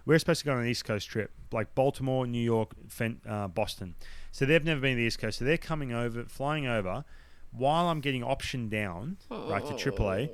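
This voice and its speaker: An Australian man tells a story in loose, casual talk, acting out the lines of the people in it. His voice sits at a middle pitch and is recorded close and dry, with no room sound. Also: brisk, no room sound. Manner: animated, acts out the dialogue of others; blunt, swears now and then. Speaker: podcast guest, former baseball pitcher.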